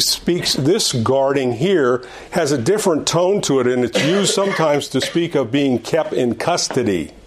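In a church classroom, an older man with a mid-range voice teaches an adult Sunday school Bible lesson. He keeps it conversational, repeating phrases and restarting sentences, and his voice rises and quickens on the key points.

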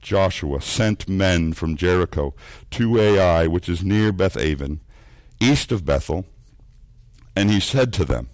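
A man preaching a sermon, earnest, repeating words as he builds points and dropping low and soft for emphasis. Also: animated, takes it slowly, dry recording. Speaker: pastor.

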